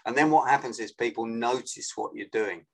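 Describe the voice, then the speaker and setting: Animated man explaining on a call. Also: mid-range voice, moderate pace, low-quality recording. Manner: lively, animated explaining, acts out phone greetings. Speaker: guest, sales and influence trainer. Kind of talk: explanatory interview talk. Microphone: video call.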